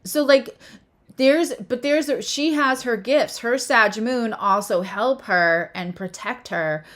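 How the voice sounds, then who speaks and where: A woman astrologer and tarot reader hosting a casual spiritual chat, talking with animated emphasis and often restarting her phrases. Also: fairly high pitch, slow.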